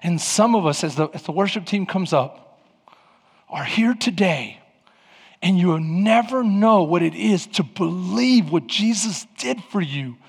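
A man preaching a sermon as pastor in a church sanctuary, animated and conversational, building up to loud passages. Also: sits high, creaky, husky. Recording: long reverb in a large hall.

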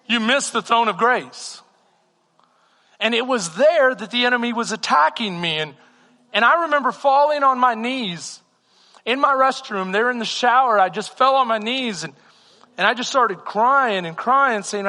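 Bright, high-voiced preaching man. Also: expressive, normal speed. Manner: impassioned, repetitive preaching cadence. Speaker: pastor. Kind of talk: sermon. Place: church hall. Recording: reverberant hall with music.

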